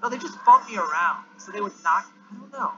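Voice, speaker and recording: High, bright, excitable young gamer guy. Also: fairly quick, soft background music. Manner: excitable, yelps and groans at the game. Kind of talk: excitable gameplay commentary. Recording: dull lo-fi recording with faint hiss.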